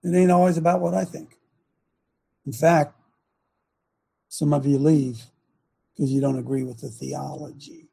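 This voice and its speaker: A man hosting a long-running preaching talk show, with a gravelly, fry-edged voice. His tone is dark and husky, and he presses rhetorical questions emphatically, like a sermon. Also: fairly high pitch, fairly even intonation, a little slow, long pauses.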